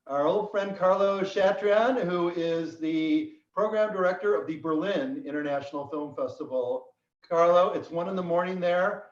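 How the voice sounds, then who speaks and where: A man hosting a virtual roundtable over a video call, halting with many fillers and telling dry jokes. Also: fairly high pitch. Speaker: host. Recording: echoey room, far from mic, dull sound.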